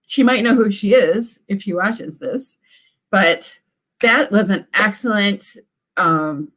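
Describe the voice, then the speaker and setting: A woman's voice: mid-range voice, a bit bright. A woman, an author hosting live writing sprints and chatting casually with viewers in a bubbly, gushing way. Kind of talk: casual livestream chat.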